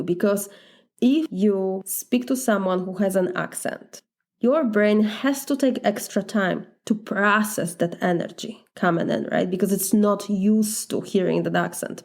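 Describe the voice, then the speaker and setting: A woman's voice: mid-range voice, a little mellow. Candid Polish-accented woman coach. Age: adult, married. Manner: candid and reflective, laughs lightly as she talks. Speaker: life coach. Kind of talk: podcast monologue.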